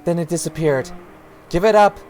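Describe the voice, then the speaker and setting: A man's voice: medium pitch, expressive, moderate pace, soft background music, close to an everyday voice. A man voicing an irritated mother who scolds her daughter with growing exasperation. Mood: scolding. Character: irritated mother, sharp, losing patience. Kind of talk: reading a visual novel aloud.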